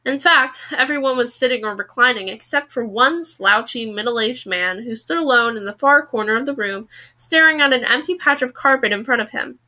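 A woman's voice: on the high side, moderate pace, pushed and bright. A woman reading a novel aloud for a podcast, casual and correcting herself as she goes. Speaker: podcast book reader.

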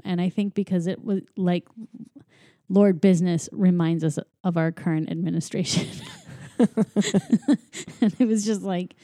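A woman's voice: lowish voice, mellow, no echo, clean studio sound. A woman chatting casually on a podcast, retelling a movie and acting out lines in silly voices, often giggling. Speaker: podcast co-host. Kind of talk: casual movie recap chat.

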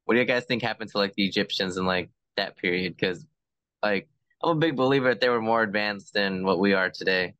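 A man chats on a podcast video call, laid-back and hesitant. His voice sits low. The sound is dull and lo-fi, and dry. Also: brisk, fairly bright tone, no echo. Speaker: podcast co-host. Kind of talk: casual podcast chat.

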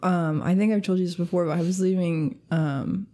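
Animated woman podcast cohost, low warm voice. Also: moderate pace. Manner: animated storyteller, acts out quotes. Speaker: podcast co-host. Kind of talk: casual chat.

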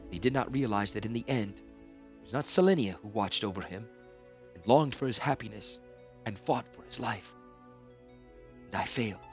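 A man's voice: lowish voice, animated, soft background music. Solemn man narrating a fantasy audiobook. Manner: solemn, measured storytelling.

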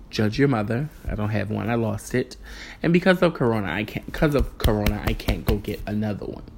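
A man's voice: medium pitch, gravelly. Exasperated man ranting in a casual vlog. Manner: animated, exasperated storytelling with voiced asides. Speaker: vlogger. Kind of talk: casual storytime rant.

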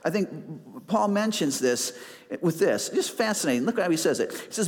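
A man's voice: high voice, lively intonation, normal speed, in a large hall. A male pastor preaching a sermon in a conversational, self-deprecating way, acting out little asides.

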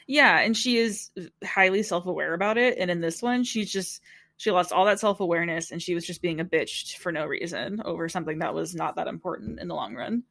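Vocal fry runs through this young podcast co-host's fairly low, slightly bright voice as she talks a little quickly. Relaxed and sleepy, she giggles and hiccups her way through a casual chat full of fillers.

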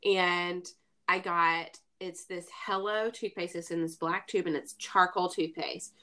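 Chatty Southern woman with a bright voice. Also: on the low side, steady tone, a little slow. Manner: chatty, joking, many fillers. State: stuffy from sinuses. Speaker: podcast co-host. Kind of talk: casual chat.

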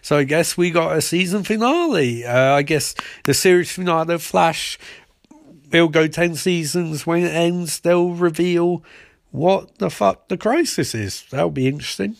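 A man's voice: on the high side, a little slow, creaky, no echo. A man giving a casual, rambling, profane recap and review of a TV episode, sarcastic in tone.

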